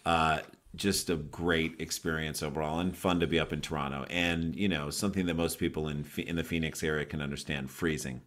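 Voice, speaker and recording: Deep-voiced comedian man, relaxed. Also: brisk, hardly any pauses. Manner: relaxed, chatty storyteller. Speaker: comedian guest. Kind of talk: casual interview chat.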